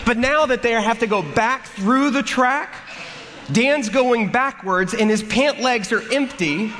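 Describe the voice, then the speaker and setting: A man preaching a sermon, telling a funny story in an animated way and acting out the characters. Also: very high voice, a little slow. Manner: animated, acts out the story with comic voices. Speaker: pastor. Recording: long hall reverb, faint room noise.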